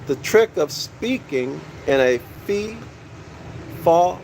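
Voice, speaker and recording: A man's voice: fairly high pitch, animated, unhurried, a little hiss or hum, poor audio. A man giving a teaching lecture from a book, repeating key phrases and asking his listeners questions, calling them "y'all".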